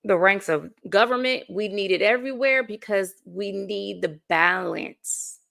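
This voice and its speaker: A woman's voice: mid-range voice, a little slow, vocal fry, a bit bright. A woman in her forties from the United States, a life coach talking as a guest in a casual interview, earnest and full of stories. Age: 40s. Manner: earnest, storytelling, laughs between thoughts.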